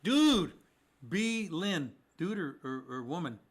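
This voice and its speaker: A man with a high-pitched voice co-hosts a casual mortgage show. He answers listener questions with jokes and puts on mock voices for the lenders. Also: sing-song, slow. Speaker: mortgage podcast co-host.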